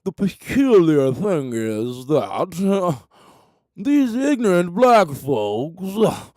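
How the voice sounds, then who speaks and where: A man putting on the voice of a condescending rich white man who speaks in a slow, haughty drawl. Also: sits high, sing-song, darkish tone, no echo, full character voice. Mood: smug. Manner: slow, drawn-out, haughty delivery.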